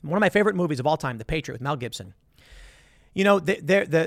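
A man's voice: high-pitched, brisk, vocal fry, a bit bright, no room sound, clean studio sound. A man giving an emphatic political monologue, repeating words and acting out quotes in other voices as he goes. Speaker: political commentator. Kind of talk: animated monologue.

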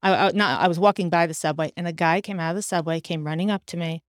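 A middle-aged woman hosting a podcast, telling personal stories in casual chat with animated delivery. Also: fairly low pitch, fast talker, no room sound, studio quality. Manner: animated, acts out quoted dialogue. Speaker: podcast host.

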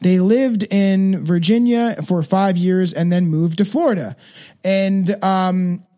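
A man's voice: high voice, fairly even intonation, slow, warm tone. A man hosting a podcast, rambling casually with lots of fillers and swearing. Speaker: podcast host. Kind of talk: casual chat.

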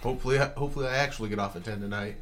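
A man's voice: on the low side, rapid-fire, a bit bright. A young man chatting casually, rambling with lots of fillers. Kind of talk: casual chat.

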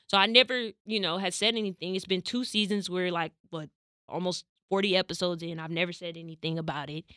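Young woman podcast host, bright forceful voice, dry sound, acts out the back and forth as she tells it. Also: lowish voice, fairly quick, no room sound. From California. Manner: animated, acts out quoted dialogue. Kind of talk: casual storytelling chat.

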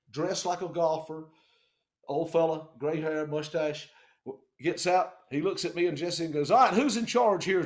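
A man in a band telling a tour story in a casual, animated, profane way, acting out the people he quotes. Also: fairly high pitch, reverberant.

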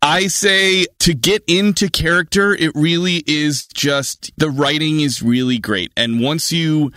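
A man being interviewed as an actor guest, talking in an animated way with frequent restarts and easy laughter. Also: fairly high pitch, a little slow, dry recording, clean studio sound. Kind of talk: casual interview answers.

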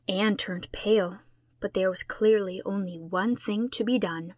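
A woman reading a classic novel aloud in a measured, expressive storybook narration. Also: mid-range voice, no room sound. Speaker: audiobook reader.

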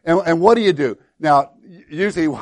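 A man's voice: on the high side, a little fast, no room sound. A middle-aged man preaching a sermon in an earnest, conversational way, acting out the prayers and pleas he quotes. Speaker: pastor.

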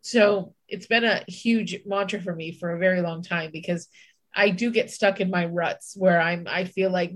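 A woman's voice: fairly low pitch, normal speed. A woman co-hosting a podcast, telling a personal story in casual chat, candid, swearing and acting out her own inner voice. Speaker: podcast co-host.

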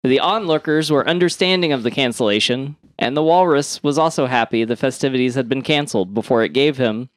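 A man's voice: medium pitch, fairly quick, hardly any pauses, dry recording. A man co-hosting a casual comedy podcast, reading odd news and rambling with frequent laughs. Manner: rambling, laughs at own jokes.

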